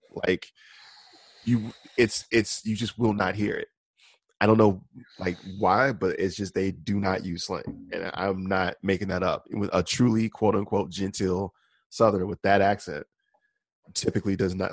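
A man's voice: deep voice, dry recording. A man from the American South co-hosting a podcast, chatting casually and explaining his opinions at length. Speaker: podcast co-host. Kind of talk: casual chat.

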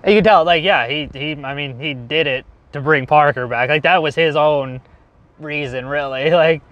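A man's voice: on the high side, moderate pace, a bit bright, dry recording, lo-fi sound. A man in casual movie chat, easygoing and agreeable, talking in a car. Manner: laid-back, agreeable, short replies.

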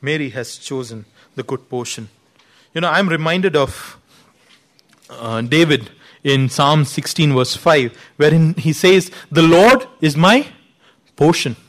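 A man with a high voice delivers a sermon. He teaches earnestly, often leaning on "you know" and lifting his voice to stress key words. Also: unhurried, a bit bright. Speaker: preacher.

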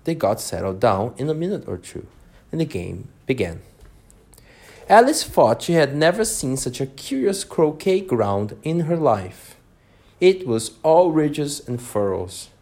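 A man's voice: medium pitch, darkish tone. A man reading a storybook aloud to children, stumbling now and then and adding asides. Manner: slow, stumbles and adds asides. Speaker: reader to children.

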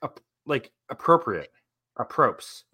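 A man's voice: mid-range voice, sing-song, takes it slowly, sharp tone, husky. A young man with a New York-area accent, co-hosting a podcast in casual, joking, profane banter. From New Jersey or New York area. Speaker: podcast co-host.

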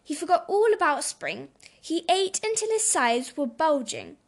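A woman reading a children's storybook aloud in a gentle, expressive way. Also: high voice, a little slow.

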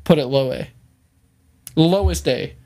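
Young male co-host, high voice, quick teasing interjections, casual chat. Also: mellow. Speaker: podcast co-host.

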